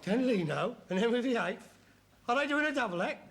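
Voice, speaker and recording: An actor playing a sarcastic, mocking middle-aged son in a sitcom scene. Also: male voice, very high-pitched, expressive, fairly quick, very noisy. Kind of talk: 1970s sitcom acting.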